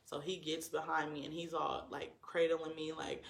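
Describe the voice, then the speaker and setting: A man recounts a personal story for his viewers, earnest and emotional, leaning on likes and ums as he goes. His voice sits a little high for a man, with a gravelly fry and a bright, tense edge. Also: flat delivery, moderate pace, echoey room.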